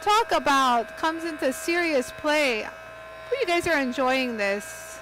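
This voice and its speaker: A woman hosting a live craft demonstration, chatty and excitable, talking straight to her viewers as she works. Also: sits high, takes it slowly, background noise. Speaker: host of a live lapidary demo.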